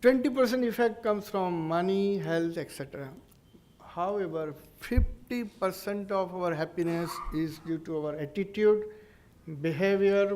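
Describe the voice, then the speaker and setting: An Indian English man gives a public lecture as a neurologist. He speaks in a fairly high voice, earnest and explanatory, often pausing and restarting his sentences.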